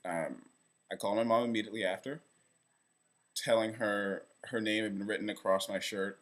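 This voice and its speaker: Rambling young man, low-pitched. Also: fairly even intonation, moderate pace. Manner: rambling, self-deprecating. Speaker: vlogger. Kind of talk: casual direct-to-camera vlog. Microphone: camera facing speaker.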